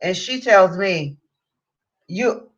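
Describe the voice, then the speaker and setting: A woman's voice: on the low side, normal speed. A woman vlogger telling a story in a casual rant, heavy on swearing, acting out what people said. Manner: profane, animated storytelling with acted-out quotes. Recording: dull lo-fi sound.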